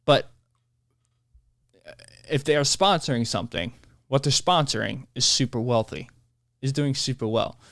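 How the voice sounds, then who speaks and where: A man hosting his own podcast, talking in a rambling, animated monologue that keeps interrupting itself. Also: mid-range voice, unhurried, long pauses, no room sound, studio quality. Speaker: podcast host. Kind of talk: casual solo podcast monologue.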